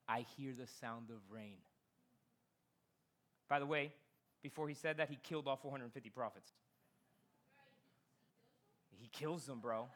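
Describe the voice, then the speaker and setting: A man preaching a sermon in a church, telling Bible stories with animated delivery and acting out the characters. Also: on the high side. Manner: slips into Spanish phrases. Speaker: pastor.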